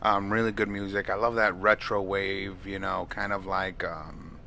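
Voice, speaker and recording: A man co-hosts a casual podcast with a bright, forward voice set a bit low. He rambles, leaning on fillers and restarting his thoughts. Faint noise sits in the background. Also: flat delivery, moderate pace, creaky. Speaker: podcast co-host. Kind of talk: casual chat.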